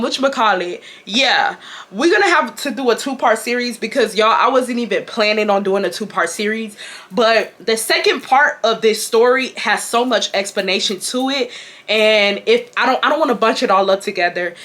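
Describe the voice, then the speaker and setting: A young beauty vlogger from Houston, Texas chats bluntly with viewers, calls them y'all, and relays a story from her job. Her voice leans high and fairly bright, at a moderate pace.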